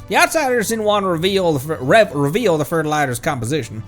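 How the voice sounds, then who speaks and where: A man's voice: on the high side, very animated, fast, a bit bright, faint music behind. Man voicing a courteous swamp crocodile rancher with a stumbling put-on drawl. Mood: courtly. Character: swamp-accented crocodile farmer man, polite and grim.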